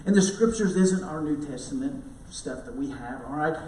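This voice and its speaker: A man's voice: a little high, animated, normal speed, warm tone, a little hiss or hum. A man preaching an Easter sermon to his congregation in a conversational, storytelling way, with frequent asides to the listeners. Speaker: pastor. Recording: roomy echo, mic at a distance.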